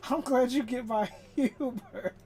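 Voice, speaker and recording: Gaming streamer, casual chat, rambling and profane, frequent laughter, mid-pitched voice. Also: measured pace, a little mellow, a little hiss or hum. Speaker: live streamer.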